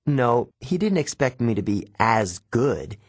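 A man's voice: mid-range voice, sing-song, measured pace, husky, no room sound. A man narrating a novel in the first person in a casual, conversational teenage voice, recorded close in a studio. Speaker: audiobook narrator.

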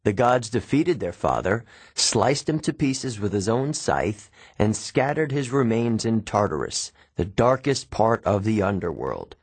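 A demanding male teacher read by a man speaks in formal, measured sentences. The low voice has a husky grain and moves with lively inflection. It is recorded dry and close. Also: no room sound, full character voice. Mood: stern.

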